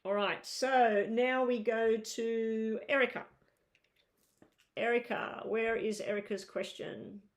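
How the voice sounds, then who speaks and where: A woman's voice: on the high side, fairly even intonation, slow. A woman giving a live tarot reading, chatty and reassuring, thinking aloud as she turns the cards. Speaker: tarot reader.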